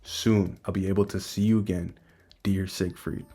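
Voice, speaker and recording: A man's voice: sits low, flat delivery, moderate pace, mellow, faint music behind. A man voicing a serious, scheming female Valkyrie leader in a casual read-out of manga dialogue. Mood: determined.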